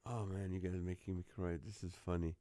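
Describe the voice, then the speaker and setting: Speaking quickly in a low, level, dark voice with no room sound, a man hosts a live call-in comedy stream from home via his phone. He keeps laughing while reading out the joke band names viewers send in during the casual chat.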